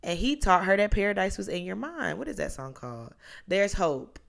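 A woman's voice: medium pitch, sing-song, normal speed, vocal fry. A woman in her twenties hosting a podcast on her own, talking casually in a chatty, rambling way that drifts onto tangents. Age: 20s. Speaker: podcast host. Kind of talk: casual solo podcast monologue.

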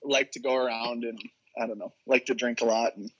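A young man telling stories in a casual podcast chat, animated and laughing often. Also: medium pitch, brisk, lo-fi sound. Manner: laughs often, animated storytelling with quoted voices. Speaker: guest.

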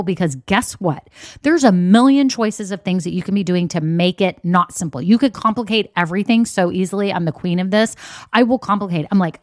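A woman's voice: on the low side, brisk, no echo, studio quality. A woman hosting a solo business podcast, talking straight to her listeners in an upbeat, emphatic way. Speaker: podcast host and online business coach. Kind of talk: solo motivational podcast talk. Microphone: podcast microphone.

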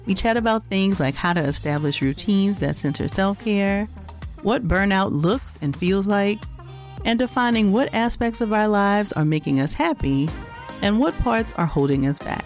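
A woman reading a scripted promo for her podcast in a calm, measured way. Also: mid-range voice, faint music behind. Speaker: podcast host in an ad.

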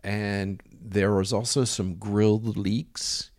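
A man's voice: on the low side, steady tone, slow, a little mellow. A man telling a rambling personal anecdote in a casual way, full of fillers and quoted dialogue. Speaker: storyteller.

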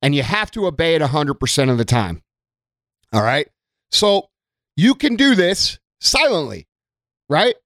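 A man's voice: on the high side, sing-song, measured pace, long pauses, a bit bright, no room sound, studio quality. A middle-aged man hosting a podcast, giving a blunt, profane, emphatic motivational monologue. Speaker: podcast host.

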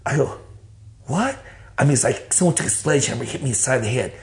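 Rapid-fire and medium in pitch, a Texas man tells his life story in animated, casual talk packed with curses. He acts out his old thoughts as he goes.

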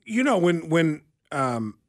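A man's voice: fairly high pitch, very animated, slow pace. A male radio co-host telling stories and teasing his colleagues in casual studio chat. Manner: storytelling, teasing, chuckling.

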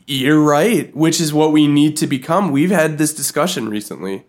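A man co-hosting a podcast, telling a story in an animated, giggly way. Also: on the high side, normal speed. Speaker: podcast co-host. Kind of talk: casual comedic chat.

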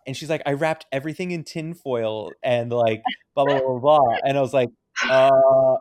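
A man's voice: medium pitch, normal speed, darkish tone, no room sound. A man co-hosting a podcast, telling a story in casual chat and acting out both sides of a conversation. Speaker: podcast co-host.

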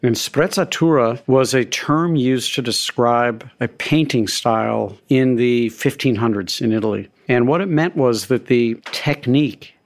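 A middle-aged man, a restaurateur guest, telling relaxed, self-deprecating stories in a conversational interview. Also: medium pitch, measured pace, few pauses.

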